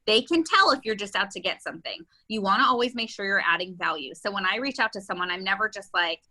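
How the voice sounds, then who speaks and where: A woman's voice: medium pitch, lively intonation, brisk, few pauses, pushed and bright, low-quality recording. A woman real estate agent and coach giving an enthusiastic, chatty webinar talk with many fillers.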